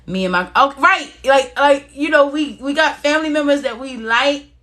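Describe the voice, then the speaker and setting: Woman, live-stream host, bright voice, encouraging, casual, repeats herself. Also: high voice, moderate pace. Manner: encouraging, talks straight to viewers, repeats phrases; casual and warm-hearted, reads out viewer comments. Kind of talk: motivational live-stream talk.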